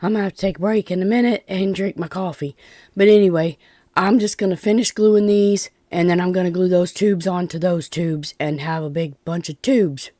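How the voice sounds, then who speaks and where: A Southern DIY vlogger from Tennessee talks through a craft project in a chatty, folksy, self-deprecating way, congested from pollen and a bit short of breath. Her fairly low voice is warm and steady at normal speed, recorded with clean studio sound and no room sound.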